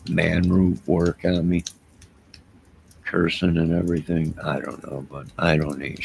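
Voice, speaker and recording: A man's voice: extremely low pitch, gravelly, a little hiss or hum. A man rambling loosely to his live chat late at night, defensive and talking straight to his viewers while wearing headphones. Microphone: wearing headphones at a desk mic.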